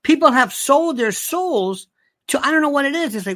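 A man's voice: extremely high pitch, expressive, moderate pace, a bit bright. A man hosting his own show, delivering an emphatic, opinionated monologue and repeating himself for emphasis. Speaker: show host.

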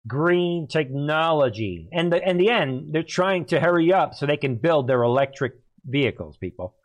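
A man hosting a solo commentary show, excitable and quick to laugh, often talking loudly to his audience. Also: on the high side. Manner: excitable, keeps laughing, calls the audience "people", gets loud. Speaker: channel host.

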